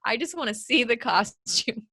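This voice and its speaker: A woman's voice: fairly high pitch, animated, moderate pace, sharp tone. A woman guesting on a podcast in casual chat, giggly and playful.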